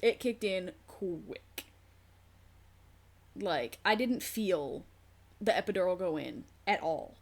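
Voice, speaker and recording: A woman's voice: fairly low pitch, expressive, slow, long pauses. A young woman vlogger telling a story frankly, with lots of fillers and swearing, acting out what others said to her. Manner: candid, frank, swears freely, many fillers; acts out quoted nurses and herself. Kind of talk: casual storytelling.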